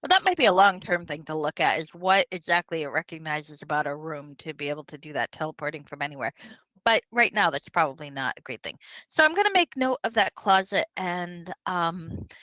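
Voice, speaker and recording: A woman in a tabletop game thinks her plans through out loud over an online call, stopping and restarting her sentences as she goes. Her voice sits fairly low, and the sound is dry and close. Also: very animated, brisk, no echo, rough recording. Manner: thinking aloud, hesitant, many restarts. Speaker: player.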